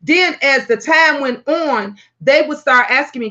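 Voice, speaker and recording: A loud, brash woman hosts her own talk show, cursing freely as she tells animated stories. Her voice sits high and bright, and the audio is slightly muffled and lo-fi. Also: measured pace. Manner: brash, profane, animated storytelling. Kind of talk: casual vlog talk.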